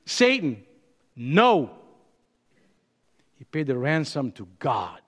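A man preaching a sermon as pastor, with dramatic pauses and emphatic rises and drops. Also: a little high, big pitch swings, fairly bright tone, in a large hall.

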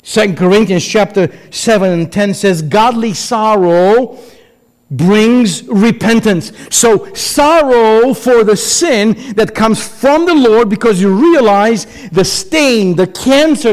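A man preaching a sermon as pastor, emphatic, with dramatic pauses and acted-out quotes. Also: high-pitched. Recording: long hall reverb.

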